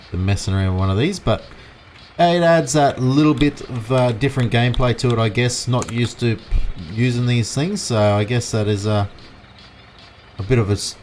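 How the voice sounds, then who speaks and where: Chatting with viewers, an Australian man streams a farming game and offers casual, roaming commentary. He speaks at medium pitch in a slightly mellow voice, with a little hiss or hum.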